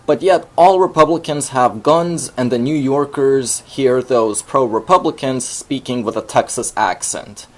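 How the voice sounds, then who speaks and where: A male narrator with a middling pitch reads a scripted voice-over. He sounds measured and explanatory, taking each point in order.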